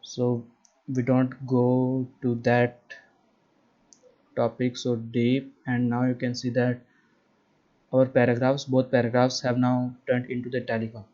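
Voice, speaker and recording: Flat-voiced coding instructor with Indian English accent. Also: male voice, medium pitch, a little slow, long pauses, muffled recording. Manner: patient, repetitive, checks in with "right?". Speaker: web development instructor. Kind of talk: screen-share coding lesson.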